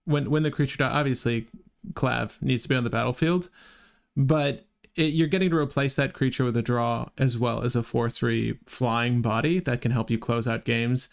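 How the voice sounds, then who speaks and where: Chatty gravelly-voiced male streamer. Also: mid-range voice, steady tone. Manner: halting, restarts often, chatty with audience. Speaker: co-host ranking game cards on a livestream. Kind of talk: casual live-stream chat.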